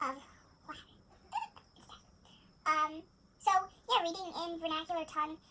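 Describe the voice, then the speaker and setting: A young woman with a very high voice walks through a history topic in a relaxed, chatty way, padding her sentences with ums and giggly side comments. Her tone is bright and sharp. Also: slight background noise, low-quality recording. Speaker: student presenter. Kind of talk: casual history presentation.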